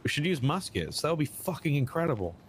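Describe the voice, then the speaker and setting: A man's voice: fairly high pitch, sing-song, quick pace, a little hiss or hum. A man in a role-play game, talking bluntly and casually in character and swearing freely.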